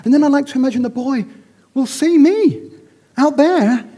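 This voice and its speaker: A man's voice: very high-pitched, moderate pace, mellow. A middle-aged man telling a self-mocking story in a theatrical, sermon-like style. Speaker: speaker.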